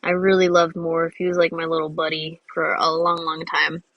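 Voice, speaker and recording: A woman's voice: deep voice, monotone, normal speed, dry recording, highs cut off. A young woman telling a rambling personal story in a chatty way, with lots of fillers and restarts, while drawing. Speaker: drawing video host.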